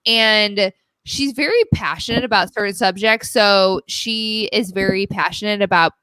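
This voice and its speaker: Bright, crisp woman podcast host. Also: mid-range voice, dry recording. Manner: hesitant, halting, many restarts. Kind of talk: casual podcast chat.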